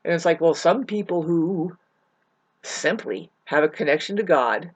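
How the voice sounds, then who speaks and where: A woman's voice: fairly low pitch, expressive, unhurried. A woman ranting to her viewers in a loose, profane monologue. She rambles, restarts her sentences and calls her listeners "babe". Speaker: vlogger. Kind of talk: rambling spoken rant to camera.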